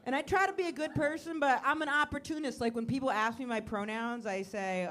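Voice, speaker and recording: A woman comedian doing a stand-up routine on a comedy club stage. She talks conversationally and swings from low, muttered asides to loud bursts. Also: brisk, few pauses.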